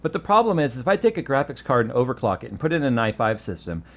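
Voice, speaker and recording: A lively American man chatting on a tech podcast, his pitch jumping all over as he tells a story. He laughs easily, throws in swear words, and keeps a loose, joking rhythm. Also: fast. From United States. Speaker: tech show host. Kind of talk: casual podcast chat.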